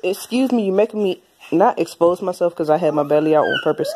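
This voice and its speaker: A woman's voice: lowish voice, animated, brisk, warm tone. Playful pregnant woman, sing-song baby talk. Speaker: vlogger and mother. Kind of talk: casual home vlog. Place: bedroom at home. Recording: noisy home recording.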